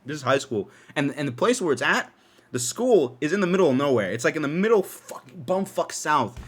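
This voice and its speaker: A young man hosting a podcast from his dark room at home, telling a story in an animated, profane way and laughing often. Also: medium pitch, fairly quick. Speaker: podcast host. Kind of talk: casual storytelling.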